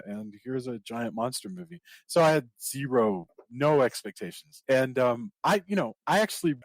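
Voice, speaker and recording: A man's voice: medium pitch, no echo. A man co-hosting a podcast, talking about a film in a reflective, musing way with casual asides. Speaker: podcast co-host.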